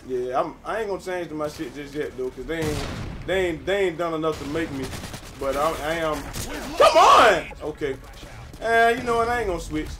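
A young man with a fairly high voice trash-talks his way through a shooter match, swearing freely and jumping into sudden yells. Gunfire and explosions from the game rattle loudly behind him, and his talk stays loose and casual in between the outbursts. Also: expressive, normal speed, heavy background noise. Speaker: gamer playing with a friend. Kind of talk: casual live gameplay commentary.

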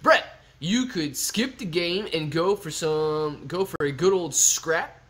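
A man's voice: fairly high pitch, slow, a bit bright. A young man hosting a casual live stream, reading viewer comments aloud and joking back, calling everyone man and bro.

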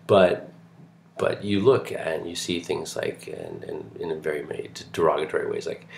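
Middle-aged canadian guy lecturing, low creaky voice, chatty and wandering. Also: normal speed, darkish tone, slight background noise. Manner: chatty, digressive, with many fillers and restarts. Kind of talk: recorded online lecture.

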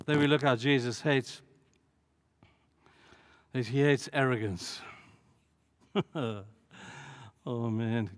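A man preaching a sermon as pastor, telling the story dramatically and acting out the voices in it. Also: mid-range voice. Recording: long hall reverb.

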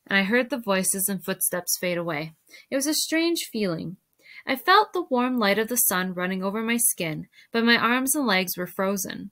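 A woman teacher reading a storybook aloud to a class in steady narration. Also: mid-range voice, normal speed.

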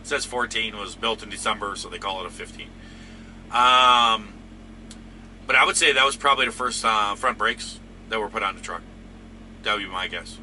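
A man's voice: on the low side, moderate pace, sharp tone, a little hiss or hum. A man hosting a trucking channel, chatting casually and rambling through viewer comments with lots of fillers.

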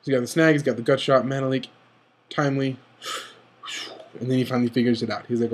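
A man's voice: medium pitch, steady tone. A young man giving eager, rambling play-by-play analysis of a recorded card game, often restarting his sentences. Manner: eager, rambling, often rushes and self-corrects. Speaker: card game video commentator. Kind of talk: excited game analysis commentary.

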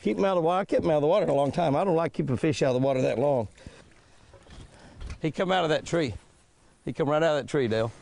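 An older man hosting a fishing show from a boat, talking in a folksy, chatty way and exclaiming loudly as fish strike. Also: on the high side, fast talker, vocal fry, long pauses, a little hiss or hum. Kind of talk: excited on-the-water commentary.

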